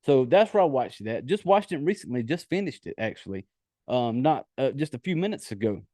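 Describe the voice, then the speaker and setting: A man's voice: medium pitch, big pitch swings, fairly quick, mellow, no room sound, clean studio sound. A man with a Southern accent hosting a podcast, chatting casually with rambling, profane asides. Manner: rambling, profane, laid-back. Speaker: podcast host. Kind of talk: casual solo podcast chat.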